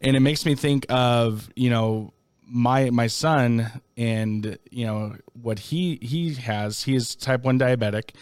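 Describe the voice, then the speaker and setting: A male educator in casual conversation, talking in an easygoing, halting way with lots of fillers. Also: medium pitch, a little mellow, clean tone, no echo. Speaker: educator, podcast guest. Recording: dry, close sound.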